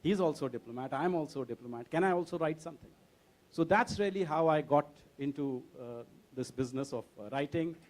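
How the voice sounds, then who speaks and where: A man tells anecdotes on a book fair panel. His humor is dry and deadpan. His voice sits a little high for a man. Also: brisk. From India. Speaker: panelist, diplomat and author.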